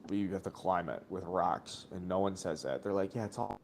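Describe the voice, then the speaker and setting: A man's voice: deep voice, moderate pace, a little hiss or hum. A man co-hosting a casual sports stream, telling a long rambling story full of swearing and acted-out quotes. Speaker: podcast co-host watching a game.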